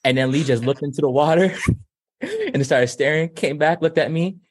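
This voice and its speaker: A man who is a reality dating show cast member, telling a story in a relaxed way, full of "like" and "um.". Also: a little high, normal speed, no echo, clean studio sound. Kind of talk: casual interview chat.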